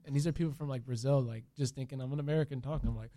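A young man chatting casually, telling animated stories and swearing freely. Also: mid-range voice, racing, no echo. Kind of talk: casual chat.

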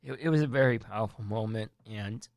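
A man's voice: fairly low pitch, fairly quick, dry recording, studio quality. A man giving casual wrestling news and opinions, earnest and rambling, often restarting his sentences. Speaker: wrestling commentary vlogger.

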